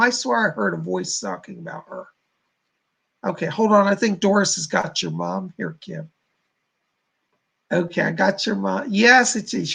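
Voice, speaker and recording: Man, psychic reader hosting a livestream, gravelly, a bit husky, halting and gentle. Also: high voice. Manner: gentle, halting, relays spirit messages.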